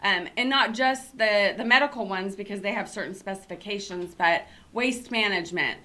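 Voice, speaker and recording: A woman's voice: mid-range voice, moderate pace, pushed and bright. A middle-aged woman hosting a casual talk show, chatty and upbeat, with many fillers. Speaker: show host and company CEO.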